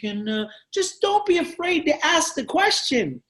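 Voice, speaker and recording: A man's voice: very high voice, very animated, moderate pace, hardly any pauses, a bit bright, slight background noise. A man leading a sales team training, talking passionately and emphatically and acting out sales conversations. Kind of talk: energetic sales training talk.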